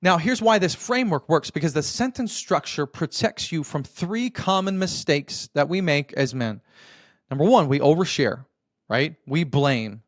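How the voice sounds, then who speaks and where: A man with a fairly high voice gives motivational marriage advice as a podcast host. He talks like a coach, earnest and direct, checking in with the listener often and calling him brother. The recording is dry, with no room sound. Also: expressive, normal speed, no room sound.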